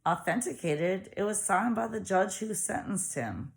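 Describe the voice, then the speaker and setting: A woman voicing a small, determined woman lawyer who speaks forcefully and indignantly. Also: medium pitch, expressive, a little slow, pitched above the performer's own voice.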